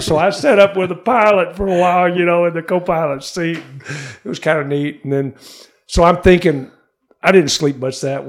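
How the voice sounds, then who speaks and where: An older man with a gravelly, creaky voice tells a long personal story as a studio interview guest. He gets animated as he acts out what others said, raising his voice for their lines. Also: fairly high pitch.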